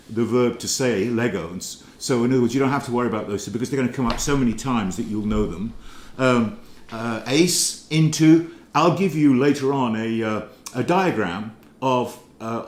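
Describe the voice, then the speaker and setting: A man's voice: medium pitch, echoey room. A middle-aged English man teaching Greek vocabulary in a rambling, hesitant way, full of fillers and restarts. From England. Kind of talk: informal recorded lecture.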